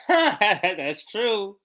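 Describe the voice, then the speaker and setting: Calm co-host with a bright voice. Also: medium pitch, very slow.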